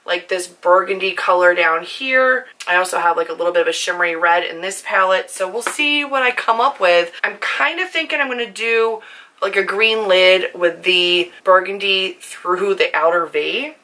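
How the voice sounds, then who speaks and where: Hoarse young woman chatting about makeup. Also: mid-range voice, moderate pace, sharp tone. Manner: chatty, nervous, many "like" fillers. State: hoarse, voice worn from shouting. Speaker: book and beauty vlogger. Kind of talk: casual makeup chat to camera.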